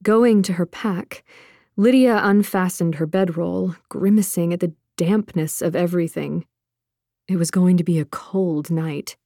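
A woman narrating a fantasy audiobook in a measured, expressive way. Her voice sits a little low, recorded close and dry with no room sound. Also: no echo.

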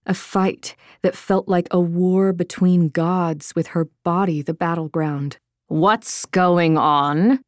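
A woman reading a fantasy novel aloud in a measured, dramatic narration style. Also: lowish voice, flat delivery, warm tone, no echo, clean studio sound. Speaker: audiobook narrator.

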